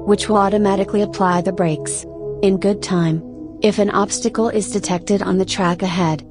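A woman's voice: medium pitch, moderate pace, music in the background, close to an everyday voice. Woman reading as a cold, taunting announcer. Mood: coldly polite. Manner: calm, formal announcement delivery. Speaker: story contributor. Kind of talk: first-person story reading.

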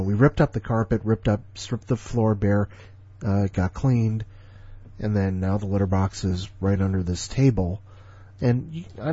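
A podcast host in his forties rambles in an offhand, grumbling way between segments. His voice is low, mellow and a bit husky. It is recorded dry and close, with a dull lo-fi sound. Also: no room sound. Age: 40s. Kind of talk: casual rambling chat.

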